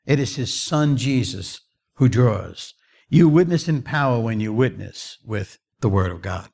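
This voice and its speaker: Male preacher, mid pitch, emphatic, rhythmic repetition. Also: lively intonation, measured pace, creaky, a little mellow. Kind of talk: evangelistic sermon with storytelling.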